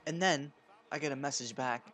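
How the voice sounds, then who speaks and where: A man's voice: medium pitch, normal speed, a bit bright. A young man telling crude, profane stories in a casual rant while playing a video game. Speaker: gaming channel host. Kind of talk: casual storytelling over gameplay.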